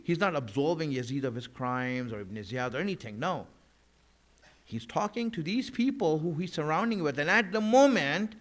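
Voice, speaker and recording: A religious speaker with a fairly bright, somewhat high-pitched voice delivers a mourning sermon in a mosque hall. He speaks conversationally, full of fillers and restarts.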